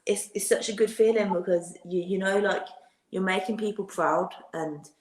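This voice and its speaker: A woman's voice: medium pitch, normal speed. A British woman giving plain-spoken interview answers as a guest, with frequent restarts. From Britain. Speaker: guest, professional boxer. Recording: roomy remote audio.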